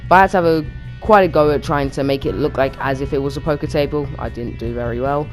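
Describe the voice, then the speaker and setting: A man's voice: mid-range voice, soft background music. A man narrating his game build in a casual, chatty way, with lots of fillers and restarts. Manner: chatty, quick, with many fillers. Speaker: YouTuber narrating a build challenge. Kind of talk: casual gaming commentary.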